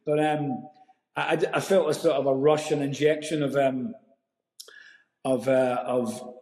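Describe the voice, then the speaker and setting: A man's voice: medium pitch, a little slow. Scottish man telling a story in a roomy space. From Scotland. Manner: animated storyteller, many restarts. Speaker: actor guest. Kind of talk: casual interview chat. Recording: roomy echo.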